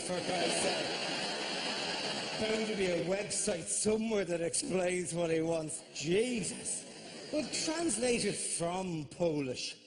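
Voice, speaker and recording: An Irish man performing live stand-up comedy, rambling quickly and breaking into shouted, panicky asides. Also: high voice, animated, noisy background. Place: theatre stage. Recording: live venue with audible audience ambience.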